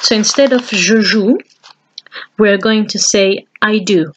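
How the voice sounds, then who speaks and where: A woman's voice: medium pitch, slow pace, low-quality recording. A woman teaching a French lesson for families, patiently repeating each phrase and encouraging the listener. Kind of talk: slow, patient language lesson for children and parents. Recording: steady background hiss.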